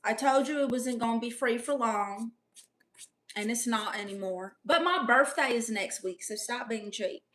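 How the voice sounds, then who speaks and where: A woman's voice: on the high side, normal speed, fairly bright tone. A woman doing a comedic livestream in character, brash and playfully boastful as she reads out chat messages.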